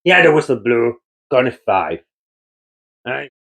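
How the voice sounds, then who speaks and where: A man's voice: medium pitch, very animated, unhurried, creaky, a bit bright. A Geordie man from North East England, a builder vlogger giving a jokey, mock-dramatic monologue to camera, teasing and swearing casually.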